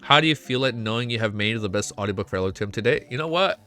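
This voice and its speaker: An excitable young man chats on a casual live stream, swearing freely and saying "dude" a lot. His voice is bright and forward. Faint music plays quietly behind him. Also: fairly low pitch, very fast. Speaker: streamer reacting to a web novel.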